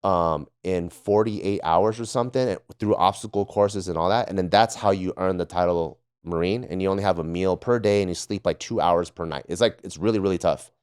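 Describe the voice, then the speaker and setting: A man's voice: deep voice, a little fast, hardly any pauses, a little mellow, smooth. A man on a podcast casually telling profane stories about military training, often laughing and acting out drill instructors. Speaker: podcast panelist, former Marine. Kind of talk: casual storytelling.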